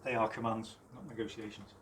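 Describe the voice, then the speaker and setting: A man teaching dog training outdoors, explaining calmly between high, sharp commands to his dog. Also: fairly quick, a little hiss or hum. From United Kingdom. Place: outdoors with ambient noise. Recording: roomy, distant from the mic, faint ambience.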